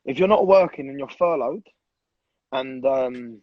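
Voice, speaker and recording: Twenties, husky and blunt, swears freely; dull dry sound. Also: male voice, mid-range voice, unhurried, dry recording. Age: 20s. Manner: blunt, swears a lot, repeats for emphasis. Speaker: guest. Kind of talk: casual chat.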